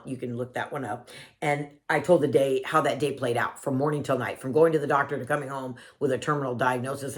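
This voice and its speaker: A woman vlogger earnestly telling a personal story to her viewers, emotional and warmly addressing them as family. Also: rumbling low.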